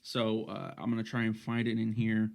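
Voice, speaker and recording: A man's voice: lowish voice, little pitch movement, normal speed, creaky. A man co-hosting a casual podcast, rambling through his points with many restarts and fillers. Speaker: podcast co-host.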